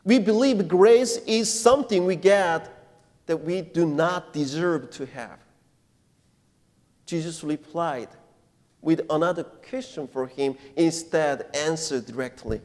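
High-voiced male pastor preaching slowly. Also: darkish tone. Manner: deliberate, emphatic preaching with questions put to the congregation. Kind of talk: sermon. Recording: long reverb of a church hall.

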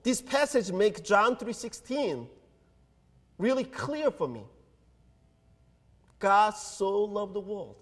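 A man preaching a sermon as pastor, earnest and deliberate, pausing between phrases. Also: high voice, very animated, fairly bright tone. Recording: long hall reverb.

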